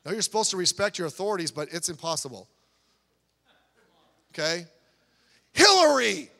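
A man preaching a sermon in a church, talking conversationally with asides, restarts and quick jokes. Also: on the high side, lively intonation, sharp tone. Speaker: pastor. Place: church sanctuary. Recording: long church hall reverb.

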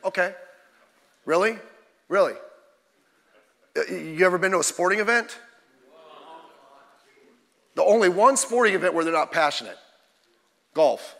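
A man preaching a fiery sermon as pastor, emphatic and rising to sudden shouts. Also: high voice, animated, moderate pace, pauses often, in a large hall. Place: church sanctuary.

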